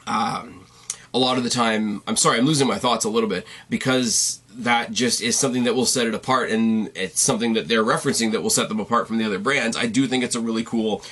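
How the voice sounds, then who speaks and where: A man's voice: mid-range voice, steady tone, quick pace, a bit bright. A man hosting a podcast, giving a casual, rambling recap with wry asides and self-corrections, sounding congested and tired. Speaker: podcast host reviewing wrestling. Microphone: on camera at a desk.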